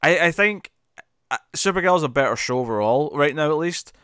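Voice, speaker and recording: A podcast co-host with a fairly high, bright, smooth voice chats casually and expressively about TV episodes at a fairly quick pace. He uses many restarts, repeated words and fillers, recorded cleanly in a studio with no echo.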